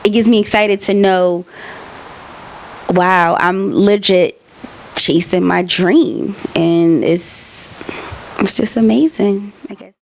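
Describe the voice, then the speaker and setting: A woman's voice: medium pitch, slow pace, creaky, pauses often, slight background noise. A young woman, an aspiring talk show host, answering interview questions in a bubbly, chatty way with many fillers. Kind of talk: casual self-interview answers.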